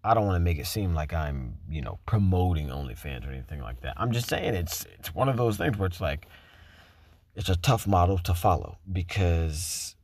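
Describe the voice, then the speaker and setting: A low, husky-voiced man tells a story about his teaching work in an animated, profane, conversational way. His pitch swings widely when he quotes others. The recording is close and dry. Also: moderate pace, dry recording. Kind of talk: casual storytelling.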